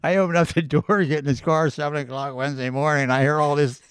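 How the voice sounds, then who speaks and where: A man's voice: on the high side, steady tone, fast talker, fairly bright tone, clean tone, no room sound. An older man, a grandfather guest, telling funny stories casually, laughing often and acting out quoted voices. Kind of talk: casual storytelling.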